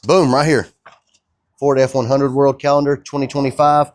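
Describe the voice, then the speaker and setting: A young man chatting casually in his shop vlog, laid-back and excited, tossing in "dude" and "man". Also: mid-range voice, normal speed, dry recording, clean studio sound. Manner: laid-back and enthusiastic, drawling, calls viewers dude and man. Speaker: custom truck builder and vlogger.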